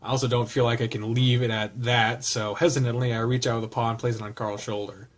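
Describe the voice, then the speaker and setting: A man's voice: medium pitch, level tone, fast talker. A man reading a visual novel aloud in casual narration, with swearing and offhand asides.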